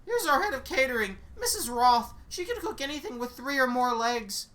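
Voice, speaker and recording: A woman voicing a chipper female guide in a game who explains eerie lore in a brisk, matter-of-fact way. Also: sits high, sing-song, a bit bright, pitched above the performer's own voice. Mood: cheerful.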